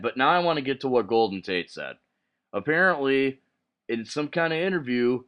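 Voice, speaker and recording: A man hosting his own sports video, ranting in a heated, profane way with sharp outbursts. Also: mid-range voice, smooth. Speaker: sports vlogger. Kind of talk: solo sports rant to camera.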